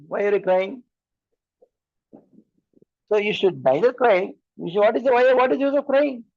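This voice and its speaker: A man's voice: sits high, animated, moderate pace, dry recording, lo-fi sound. A man with an Indian English accent giving a sermon as a spiritual teacher, driving his point home with repeated rhetorical questions.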